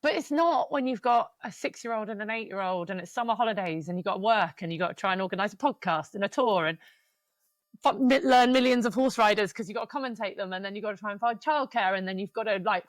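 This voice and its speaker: A woman's voice: medium pitch, no echo. A woman in her thirties, co-hosting a podcast, talking frankly and emotionally with some swearing, and speeding up when she vents. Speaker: podcast co-host. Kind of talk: casual podcast chat.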